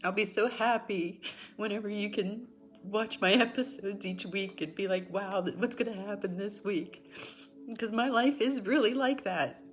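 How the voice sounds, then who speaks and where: Soft background music accompanies a middle-aged woman with a medium-pitched voice talking at a moderate pace. As host of a spiritual talk show, she offers viewers earnest encouragement in an emotional, personal talk, repeating herself for emphasis and at times growing tearful.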